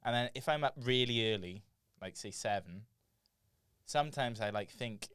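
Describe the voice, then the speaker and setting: A man's voice: medium pitch, normal speed, a bit bright, clean tone, dry recording. A man co-hosting a podcast, chatting in an easygoing, laid-back way. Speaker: podcast co-host. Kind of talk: casual chat.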